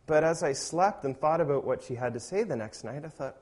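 A man preaching a sermon as a pastor, talking in a conversational way and growing loud and emphatic when he reads scripture aloud. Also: on the high side, animated, brisk, slight background noise.

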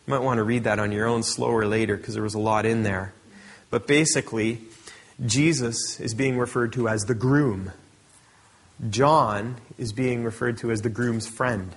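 A man's voice: mid-range voice, steady tone, moderate pace. A middle-aged man preaching a sermon, reading scripture aloud and explaining it in a conversational way. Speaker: pastor.

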